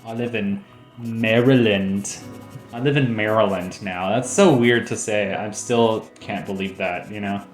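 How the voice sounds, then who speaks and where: Let's play host, male, lower voice, rambling jokey commentary, echoey room. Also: moderate pace, hardly any pauses, soft background music. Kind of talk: casual gameplay commentary.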